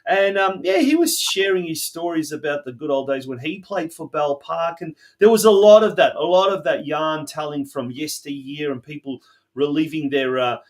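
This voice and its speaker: A chatty middle-aged Australian man hosts a local soccer podcast in a casual interview. He talks in a loose, conversational way with frequent restarts and fillers, and his voice sits a little higher than most men's. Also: lively intonation, moderate pace. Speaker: podcast host.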